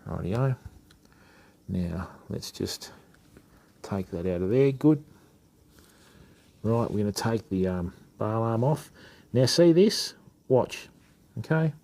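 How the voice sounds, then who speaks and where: A man's voice: on the low side, lively intonation, slow, gravelly, long pauses, darkish tone. A middle-aged man from Western Australia with an Australian accent, chatting casually to live-stream viewers while servicing fishing reels. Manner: casual, matey, chats to viewers while working. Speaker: fishing channel host. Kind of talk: live-stream reel maintenance demo.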